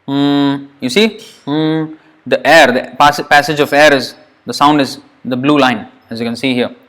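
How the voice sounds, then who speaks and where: A patient male teacher walks through pronunciation one sound at a time. He says each syllable slowly and repeats it so the listener can hear it clearly. His pitch is middling and his explanations are plain, with the odd light aside. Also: steady tone, a bit bright. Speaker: Sanskrit teacher. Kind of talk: pronunciation lesson.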